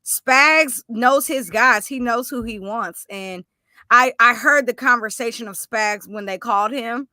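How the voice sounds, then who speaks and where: Woman co-host, casual football chat. Slightly high, bright voice with a dry, close sound. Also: measured pace, dry recording. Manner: chatty, animated, self-correcting. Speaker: podcast co-host.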